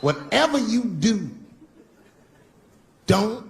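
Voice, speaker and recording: A man's voice: high voice, very animated, very slow, creaky. A middle-aged man doing a stand-up comedy set, brash and crude, on a live stage with a handheld mic. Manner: brash, crude punchlines with mocking asides. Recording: live stage recording with audience noise.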